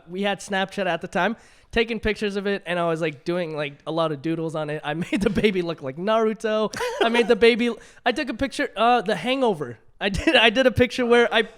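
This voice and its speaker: A young man with a very high, bright voice co-hosts a relaxed podcast chat. He tells stories with animation, often breaking into laughter as he goes. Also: brisk. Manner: animated storytelling with frequent laughter. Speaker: podcast co-host. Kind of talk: casual chat.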